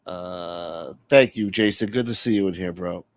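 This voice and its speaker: A man's voice: sits low, moderate pace, no echo. A man hosting a casual livestream, rambling and joking as he reads out chat. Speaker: livestream host.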